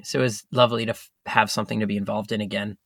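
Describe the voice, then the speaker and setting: A man's voice: on the low side, flat delivery, racing, creaky, a bit bright, dry recording. Young man, actor guest, easygoing, laughs often, casual chat, dry recording.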